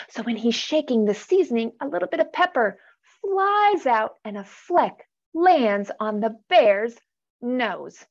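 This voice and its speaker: Woman storytime reader, very expressive, unhurried, gravelly voice. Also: a little high, highs cut off. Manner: animated, gasps, asks listeners questions. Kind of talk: reading a picture book aloud to children.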